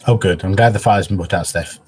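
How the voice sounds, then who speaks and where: Husky-voiced man chatting on a livestream. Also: low-pitched, fairly quick. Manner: openly emotional, soppy, chatty. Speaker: craft livestream host. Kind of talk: casual live-stream chat. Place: at home, in a living room.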